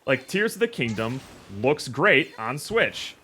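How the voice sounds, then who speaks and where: Opinionated man with a bright voice. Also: mid-range voice, very animated, measured pace, a little hiss or hum. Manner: opinionated, rambling with fillers. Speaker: streamer. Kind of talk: casual gaming chat.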